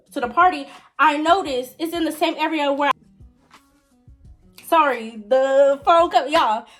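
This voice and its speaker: A young woman telling a story to her viewers in a casual, chatty way, talking right to them. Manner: chatty, talks straight to viewers; big pitch jumps in excited moments.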